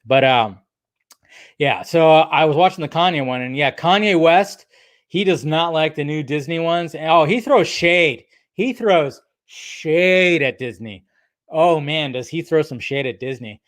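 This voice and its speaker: A man's voice: a little high, a little slow, no room sound. Rambling, profane man chatting about films. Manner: rambling, profane, lots of fillers and restarts. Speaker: film commentary host. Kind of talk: casual podcast chat.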